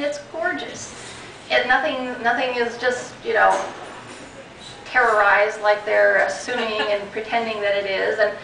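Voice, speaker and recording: A woman's voice: a little high, gravelly, pushed and bright, a little hiss or hum. A woman guest speaker at a group meeting, telling a personal story with many restarts and quoted back-and-forth dialogue. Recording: echoey room recording from a distance.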